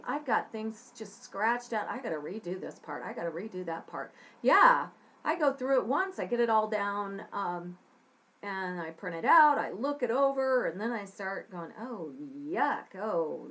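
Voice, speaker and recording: A woman's voice: on the high side, fairly bright tone. A woman giving a casual, encouraging lesson on scriptwriting to students, acting out her own reactions. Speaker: writing teacher.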